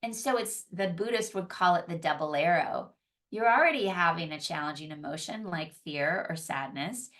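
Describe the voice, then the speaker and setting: A woman's voice: lowish voice, normal speed, fairly bright tone, recorded from a distance. A woman psychologist and yoga teacher giving an earnest, conversational teaching talk, often restarting and repeating her phrases. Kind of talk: teaching talk on emotional healing.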